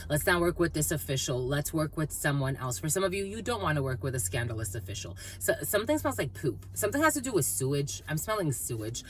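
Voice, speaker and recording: A woman doing a casual, rambling intuitive reading, playful and quick to laugh. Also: deep voice, sing-song, slight background noise. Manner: rambling, playful, laughs often, terms of endearment. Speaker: psychic tarot reader.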